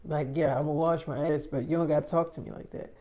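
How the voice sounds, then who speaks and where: A man's voice: fairly high pitch, fairly even intonation, fast talker, dark tone, close to an everyday voice. A man voicing a defensive young woman who answers back indignantly.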